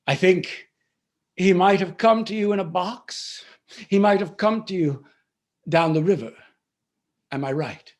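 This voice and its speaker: A man voicing a scheming noble woman who speaks in a coaxing, hushed, sinister way. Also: high voice, measured pace, pauses often. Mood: sly.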